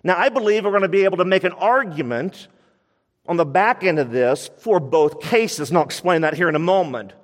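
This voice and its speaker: Male pastor, high voice, emphatic sermon delivery with repeated points, church hall with long reverb. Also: expressive, brisk. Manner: emphatic, repeats key phrases.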